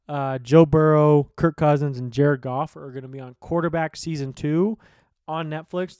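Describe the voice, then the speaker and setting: A man's voice: fairly high pitch, darkish tone, clear, resonant tone, no room sound. Opinionated man in casual sports talk. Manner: rambling, opinionated, swears casually. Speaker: sports betting podcast host.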